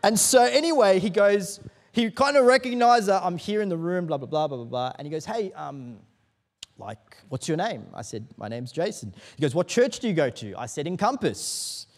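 Pastor preaching with rising fervour. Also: male voice, high voice, animated, moderate pace. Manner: storytelling, rising to loud emphatic preaching. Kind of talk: sermon.

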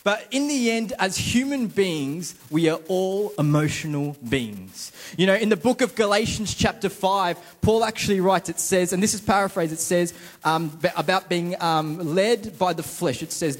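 A man's voice: high voice, lively intonation, moderate pace. A young man giving a casual, joking sermon to a church congregation and quizzing the crowd. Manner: chatty, self-mocking, quizzes the crowd. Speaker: preacher. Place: church service before a congregation.

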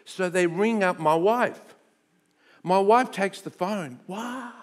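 A middle-aged man, preaching a sermon and telling a personal story in an animated way, dropping to hushed tones and rising to loud bursts. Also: sits high, takes it slowly. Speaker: pastor.

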